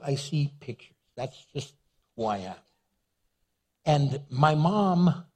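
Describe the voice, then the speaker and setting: A pastor with a medium-pitched, breathy-edged voice preaches a humorous sermon. Telling stories with animation, he acts out little scenes and voices and laughs at his own jokes.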